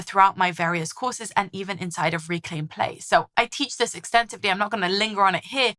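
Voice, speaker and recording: A woman with a bright, forceful tone, speaking at a middling pitch. She coaches mothers in a vlog to camera, encouraging and upbeat, and often asks the listener questions. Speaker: parenting coach.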